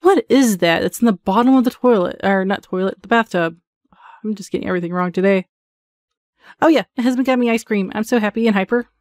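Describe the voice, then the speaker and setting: A woman talks her way through a horror game in a chatty, self-mocking stream of commentary, mid-pitched for a woman. Her voice sits close and dry with almost no room sound around it. Sudden exclamations break into the easy chatter. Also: quick pace, a little mellow, no echo. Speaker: gaming channel host. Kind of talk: live gameplay commentary.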